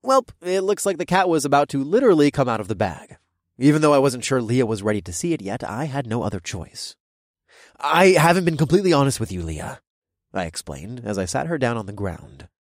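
A man narrating a first-person story with an expressive, lively read, his pitch moving a lot. The recording is dry and close, with no room echo at all. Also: brisk. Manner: expressive, animated reading. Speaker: audiobook narrator.

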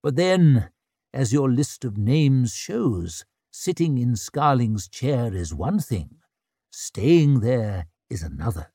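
A man voicing a proud, impatient old male wizard who speaks slowly and sternly. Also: mid-range voice, very animated, warm tone, slightly rough, dry recording, clean studio sound, exaggerated voice. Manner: slow, stern, weighty.

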